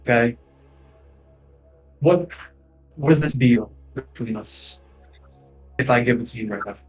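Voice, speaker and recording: A man's voice: mid-range voice, measured pace, breathy edge, soft background music, rough recording. A man voicing a big, blunt hooved warrior in a tabletop game, bargaining insistently. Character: brash young half-giant man with hooves.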